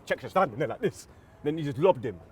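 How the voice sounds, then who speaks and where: A man talking football as a fan pundit in excitable, slang-filled chat, telling stories with loud outbursts. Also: on the high side, fast, husky.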